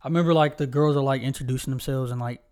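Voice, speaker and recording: A young podcast co-host rattles off stories in rapid-fire fashion, rambling casually and packing in fillers. His voice is mid-range and a little mellow, with fairly even intonation.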